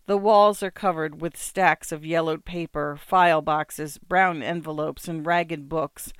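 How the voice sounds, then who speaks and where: A narrator giving a measured, descriptive first-person reading of a literary story. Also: mid-range voice, steady tone, a bit bright, no room sound, studio quality. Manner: measured, descriptive, smooth delivery.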